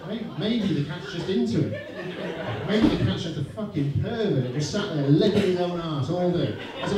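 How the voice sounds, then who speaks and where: A male stand-up comic tells crude stories with deadpan asides, his fairly high voice rising and falling a lot. He sounds far from the mic in a very echoey room, with noise underneath. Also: normal speed, a crowd in the background. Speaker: stand-up comedian. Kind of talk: stand-up routine. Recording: echoey room, voice from afar, noisy.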